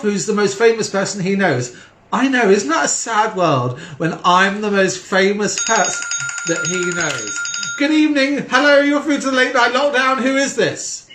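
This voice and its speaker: A man hosting a crude late-night call-in show from home, deadpan and mocking. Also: high-pitched. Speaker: host. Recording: echoey room.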